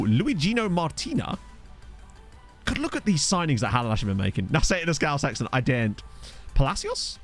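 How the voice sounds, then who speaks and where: A young man giving casual, joking commentary over a football management game, reacting with quick exclamations. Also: mid-range voice. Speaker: gaming video host. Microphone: desk USB microphone.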